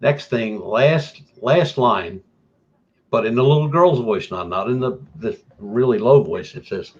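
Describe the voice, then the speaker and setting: Low-voiced man telling a story. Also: a little slow, highs cut off. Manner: animated, jumps to a higher voice for emphasis. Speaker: guest paranormal investigator. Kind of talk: casual storytelling.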